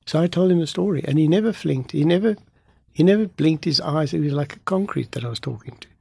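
Gravelly pastor, husky voice. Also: male voice, fairly high pitch, fast talker, dry recording. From Africa. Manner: animated storyteller, acts out dialogue. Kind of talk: storytelling testimony in an interview.

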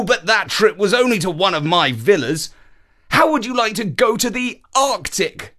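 Man putting on a booming, eager storybook uncle, high and lively, pushy. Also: exaggerated voice. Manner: loud and eager, persuasive. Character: loud, excited, rich uncle.

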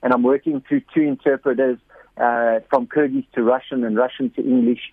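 Speaking fairly quickly at medium pitch, this man has a slightly rough voice captured dry over a tinny phone line. He's a missionary guest in a storytelling interview, animated and repetitive, raising his voice to act out quotes.

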